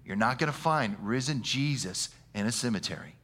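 A man preaching a sermon in an animated, conversational way, using slang and often stumbling over repeated words. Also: medium pitch, normal speed. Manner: animated, conversational, with slang and frequent stammered restarts.

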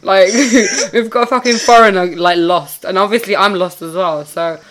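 A woman hosting a podcast, telling a story in casual chat, animated, swearing freely and laughing often. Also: mid-range voice, normal speed, a little hiss or hum. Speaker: podcast host.

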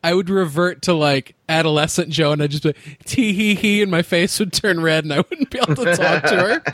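A man's voice: fairly high pitch, brisk, a bit bright, no echo. A man hosting a podcast, chatting casually, joking and laughing often like a gushing fan. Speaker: podcast host.

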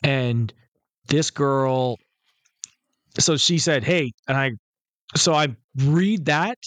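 A man's voice: mid-range voice, extremely slow, a bit bright, no room sound. A man co-hosting a podcast, telling a rambling, profane story and acting out the quotes. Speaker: podcast co-host. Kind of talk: casual storytelling chat.

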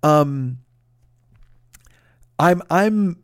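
Guy podcast host, kinda high pitched, cursing a lot, rambly confessional storytelling. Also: lively intonation, drawn-out words, no room sound, clean studio sound. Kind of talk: casual monologue storytelling.

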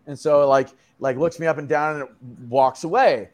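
A man's voice: on the high side, steady tone, normal speed, a little mellow. A man as a podcast guest, telling a story in a loose, slangy way with many fillers and some swearing. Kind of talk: casual storytelling.

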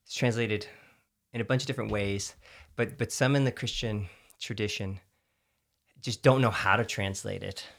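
A man's voice: on the low side, steady tone, moderate pace, creaky, fairly bright tone. A man with a Texan accent, co-hosting a casual chat about faith and explaining scripture in an earnest, storytelling way. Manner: earnest, storytelling, filler-heavy.

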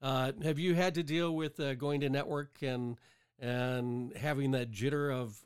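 A man of middle pitch hosts a casual interview. He asks leading questions and responds to his guest with encouragement, drawing on his work coaching young talent. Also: steady tone, moderate pace, clear, resonant tone.

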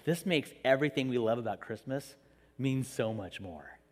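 A man's voice: mid-range voice, moderate pace, in a large hall. A man preaching a sermon in a church, telling the story with jokes and acting out the quotes. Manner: animated, jokey storytelling with acted-out quotes. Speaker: pastor.

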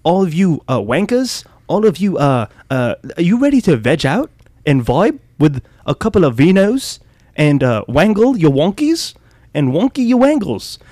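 A hammy, pompous English gentleman, as a man puts him on, swooping high and low in a mock upper-class accent. The voice sits high for a man and stays dry and close. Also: sing-song, normal speed, no room sound.

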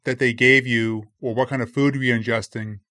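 A man of middle pitch hosting a podcast interview. He keeps things casual, asking short questions and chiming in with quick yeses and agreements. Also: steady tone, bright, forceful tone. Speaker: podcast host.

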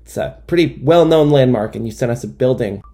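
A man's voice: medium pitch, animated, brisk, warm tone. A young man telling a comic monologue in a rambling, self-deprecating way with wry asides. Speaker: comedian. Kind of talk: stand-up style comic monologue.

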